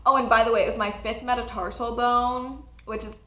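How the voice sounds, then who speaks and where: A nineteen-year-old woman telling a personal story in a casual vlog, chatty and animated, often laughing. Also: on the high side, brisk, echoey room. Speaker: college student vlogger.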